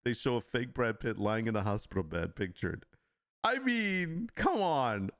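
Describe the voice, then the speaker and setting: Man, livestream host, casual commentary, frequent laughter, incredulous, lively pitch. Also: measured pace, dry recording, clean studio sound.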